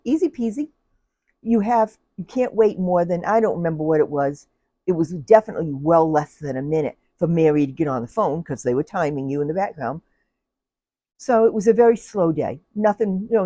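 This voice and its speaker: An older woman with a low, mellow voice tells her stories casually into a close, dry mic. She is chatty and laughs often as she tells them, acting out the people she met. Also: expressive, moderate pace, no room sound. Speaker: retired telephone operator telling stories. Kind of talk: casual personal storytelling.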